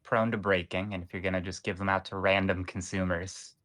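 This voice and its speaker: A man co-hosting a casual group chat, making dry, deliberate remarks. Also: sits low, little pitch movement, fairly bright tone. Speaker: co-host.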